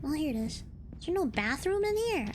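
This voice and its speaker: A woman's voice: high voice, very animated, a little fast, slight background noise. A woman streaming a horror game, chatty and jumpy, laughing nervously when scared. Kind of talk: horror game let's play.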